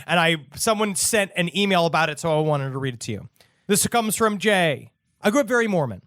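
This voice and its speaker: A man's voice: high-pitched, animated, a little fast, fairly bright tone, dry recording, studio quality. A man co-hosting a podcast, cracking crude, irreverent jokes. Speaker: podcast co-host. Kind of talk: casual comedic chat.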